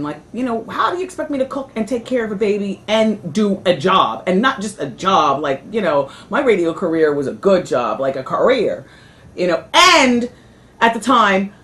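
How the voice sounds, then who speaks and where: A middle-aged woman hosting a talk show, chatting candidly and rambling, her talk full of "you know" and "like". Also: low-pitched. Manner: candid, dramatic storytelling. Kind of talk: casual after-show chat.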